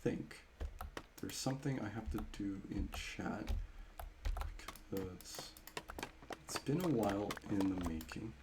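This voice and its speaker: A man's voice: lowish voice, takes it slowly, long pauses, noisy background. A man streaming live, chatting casually with viewers while he plays, rambling and often breaking into laughter.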